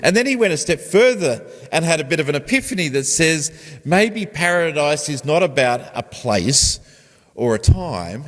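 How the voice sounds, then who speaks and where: A man's voice: on the high side, very animated, normal speed, fairly bright tone. A man, a pastor preaching a conversational sermon and putting questions to his congregation. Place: church. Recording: long church reverb.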